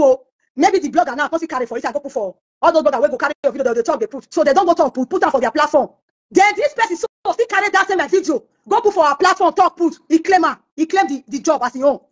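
A Nigerian woman talks at a racing clip in a high, bright-edged voice. She tells her story in an interview and keeps slipping into the voices of the people in it. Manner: acts out quoted voices of others while telling stories. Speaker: singer being interviewed.

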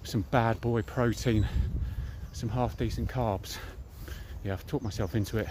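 A man's voice: lowish voice, fairly even intonation, a little slow, noisy background. A man in his thirties with a British accent chatting bluntly and casually to camera as a fitness vlogger, walking outdoors through a park. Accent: British English.

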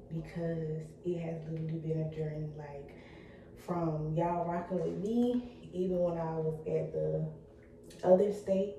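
A young woman vlogging to her viewers in an excited, chatty, motivational way. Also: deep voice, very echoey, recorded from a distance, a little hiss or hum. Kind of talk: casual vlog talk to viewers.

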